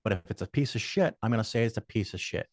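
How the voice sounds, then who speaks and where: A man's voice: lowish voice, animated, fast talker, no room sound, clean studio sound. An older man, a podcast guest, telling stories in a casual, blunt and profane way and laying out firm rules. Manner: opinionated, lays out firm rules. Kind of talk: casual storytelling in conversation.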